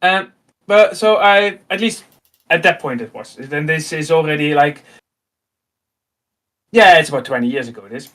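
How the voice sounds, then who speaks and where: A man in his thirties with a Dutch accent, telling an animated personal story in casual chat and acting out the dialogue. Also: fairly high pitch, moderate pace, pauses often. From Netherlands. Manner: animated, acts out dialogue, laughs often. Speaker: host.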